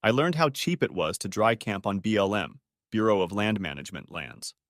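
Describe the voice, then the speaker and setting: A man reading a first-person story audiobook as narrator, with steady storytelling. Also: lowish voice, normal speed, no echo, studio quality.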